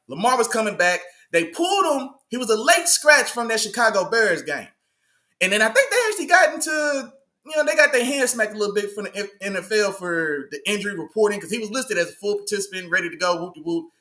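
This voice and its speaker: A man hosts a casual live sports talk stream. He talks in loose slang, greets his chat and says things twice. His voice sits high for a man and sounds bright and forceful. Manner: slangy, hypes up the live chat, repeats himself. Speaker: sports show host.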